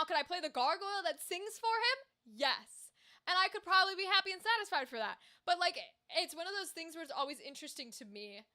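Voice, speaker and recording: A woman's voice: high-pitched, sharp tone. An American woman streamer chatting casually and animatedly on a livestream, reading out viewer comments and swearing freely.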